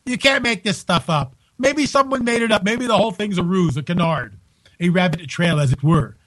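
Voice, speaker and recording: Incredulous high-voiced radio host. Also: male voice, moderate pace, poor audio. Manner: incredulous, animated, many restarts. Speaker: radio talk show host. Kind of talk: talk radio commentary. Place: home, live broadcast.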